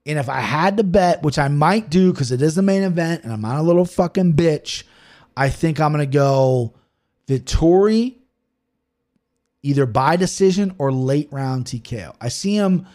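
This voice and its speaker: A man's voice: a little high, a little mellow. A man hosting a podcast in loose, rambling chat, swearing freely as he talks through fight picks. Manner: profane, rambling, quick-talking. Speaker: podcast host. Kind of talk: casual chat.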